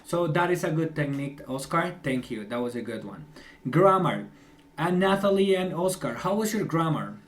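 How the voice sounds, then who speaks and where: Young male English teacher, encouraging and chatty, slightly raised pitch. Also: lively intonation, normal speed. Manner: encouraging, chatty, laughs often. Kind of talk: online class feedback.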